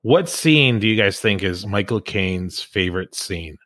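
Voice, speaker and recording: Low-voiced male podcast host. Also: animated, measured pace, fairly bright tone. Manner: upbeat, quizzing guests. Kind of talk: casual chat.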